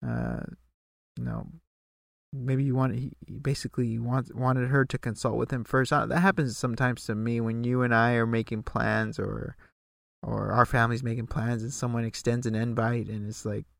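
A man's voice: medium pitch, normal speed, creaky, dry recording, studio quality. A man co-hosting a podcast, casually recapping a TV episode and acting out the characters' lines. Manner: relaxed, recaps scenes and acts out lines. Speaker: podcast co-host.

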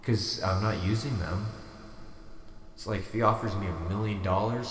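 A man hosting a podcast, rambling through absurd jokes in a deadpan, self-deprecating way. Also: lowish voice, moderate pace. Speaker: podcast host. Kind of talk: rambling comedic monologue. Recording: echoey room with long reverb, faint music.

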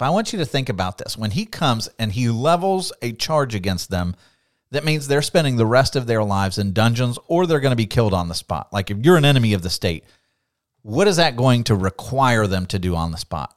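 A man co-hosting a Bible study podcast, teaching in a lively, conversational way, laughing often and acting out quotes. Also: medium pitch, brisk, no room sound, clean studio sound.

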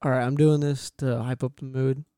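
Young male co-host, brash and teasing, mellow, dry close mic. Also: mid-range voice, level tone, fairly quick, clean tone, dry recording. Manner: brash, teasing, swears freely. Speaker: podcast co-host. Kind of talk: casual sports chat.

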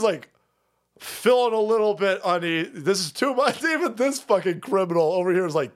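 A man's voice: on the high side, big pitch swings, moderate pace. A man hosting a livestream, giving crude, mocking political commentary and laughing at clips. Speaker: streamer host. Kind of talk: profane political commentary stream.

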